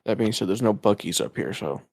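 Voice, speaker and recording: Gravelly-voiced man in rambling, profane chat. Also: on the low side, brisk, no room sound. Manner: profane, rambling, trails off and restarts. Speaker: podcast co-host and editor. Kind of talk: casual podcast chat.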